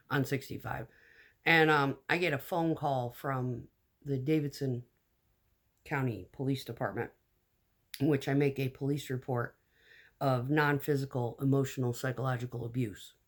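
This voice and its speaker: A woman telling a personal story in a casual storytime vlog, animated and blunt, acting out the lines of the people in it. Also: rumbling low. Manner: animated, acts out quoted dialogue.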